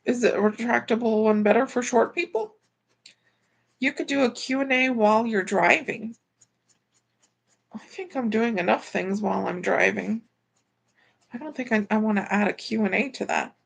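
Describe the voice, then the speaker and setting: A woman's voice: fairly high pitch, moderate pace, creaky, long pauses. A woman livestreaming casually, chatting about her delivery driving work and reading viewer comments aloud as she goes. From Florida.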